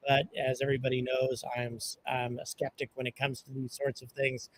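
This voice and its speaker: A man's voice: medium pitch, a little fast, slight background noise, rough recording. Chatty man hosting an outdoor live stream. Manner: relaxed, chatty, many fillers, greets viewers by place. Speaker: livestream host. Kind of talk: casual live stream chat. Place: outdoors at a launch site.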